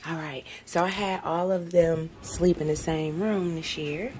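A woman's voice: fairly low pitch, steady tone, unhurried, darkish tone, a little hiss or hum. A young woman, a mother, chatting casually to her camera in a family vlog and often saying "you guys" and "y'all". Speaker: vlogger, working mom of three.

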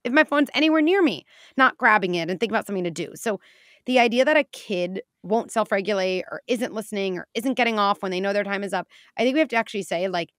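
A woman's voice: mid-range voice, fast talker, no echo, clean studio sound. A woman, a clinical psychologist guest, talking casually in an interview and acting out little scenes. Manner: animated, acts out scenes with quoted voices.

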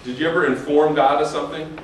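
A man delivers a chatty, humorous sermon, slipping into playful voices to act out prayers. His voice sits a little high. He is heard from a distance in a very reverberant sanctuary, with a faint hiss behind him. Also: fairly even intonation, quick pace. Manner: informal and humorous, acts out quoted prayers. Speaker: preacher. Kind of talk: conversational sermon. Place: church sanctuary. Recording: echoey room, distant mic, faint hiss.

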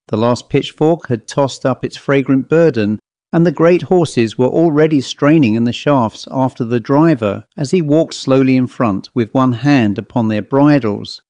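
Male audiobook narrator, mid-pitched, measured ghost-story reading, dry close mic. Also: dark tone, no room sound.

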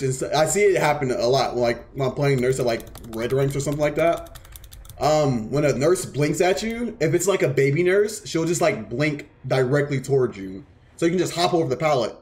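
A man's voice: fairly high pitch, a little mellow. A man streaming a game live, casually explaining strategy while teasing the players on screen and swearing freely. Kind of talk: live gameplay commentary.

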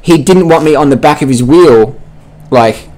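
A man's voice: on the high side, normal speed, darkish tone. A man giving casual commentary over race footage in a blunt, mocking, heavily profane way, throwing in buzzing sound effects. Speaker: cycling vlogger.

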